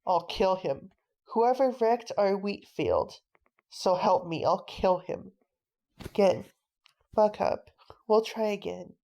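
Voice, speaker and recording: A woman reading a storybook aloud, voicing a stern, tough father who talks bluntly and gruffly. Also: mid-range voice, takes it slowly, long pauses, warm tone, rough recording. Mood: determined.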